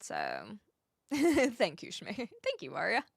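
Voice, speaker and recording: Young woman streamer, chatty and giggly, reads chat aloud; lively delivery, dry close mic. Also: medium pitch, takes it slowly, creaky, slightly rough, no echo. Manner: chatty, laughs often, greets viewers by name. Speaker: livestream host. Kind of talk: casual livestream chat, reading viewer comments.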